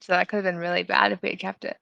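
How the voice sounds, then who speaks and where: Giggly young woman with a gravelly edge. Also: medium pitch, level tone, very fast, bright, forceful tone, no room sound, lo-fi sound. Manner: giggly storyteller, laughs through her stories. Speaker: podcast co-host. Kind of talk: casual chat.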